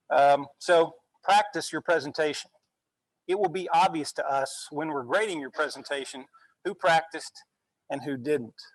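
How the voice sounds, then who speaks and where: A male university instructor giving a relaxed classroom lecture, often checking in with "okay?" as he goes. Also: fairly high pitch, creaky, dry recording, poor audio. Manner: conversational, frequent "okay?" check-ins.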